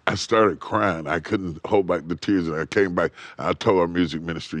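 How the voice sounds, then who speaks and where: A middle-aged man preaching on a TV talk show, rising to loud emphatic peaks and dropping to near whispers, repeating his phrases. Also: sits low, moderate pace, no echo. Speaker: bishop and guest preacher. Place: TV studio set.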